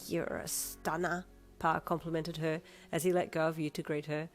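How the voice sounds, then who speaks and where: A woman reading fan fiction aloud as narrator, in an even storytelling manner. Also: deep voice, fairly quick, soft background music.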